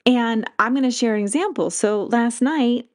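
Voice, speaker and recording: Speaking at normal speed in a fairly high pitch, a woman hosts a laid-back spiritual podcast monologue. She rambles conversationally, laughs frequently, and grows animated when retelling stories.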